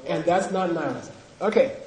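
A man teaching Buddhist philosophy to a class, drilling students in call-and-response and coaxing them with teasing, animated prompts. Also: fairly high pitch, a little fast, roomy sound, a little hiss or hum, rough recording.

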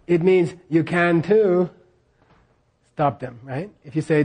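In a husky, darkish voice on the high side, a man slowly teaches scripture. He guides the class in repeating lines call-and-response style, checking in with them over and over.

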